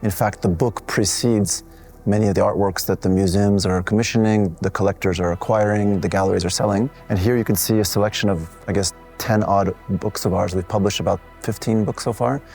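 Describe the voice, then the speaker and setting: A man who is an artist presenting his collective's exhibition, walking listeners through the works in a measured, explanatory way with occasional restarts. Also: lowish voice, fairly even intonation, vocal fry, darkish tone, faint music behind. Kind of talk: gallery walkthrough talk. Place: art gallery.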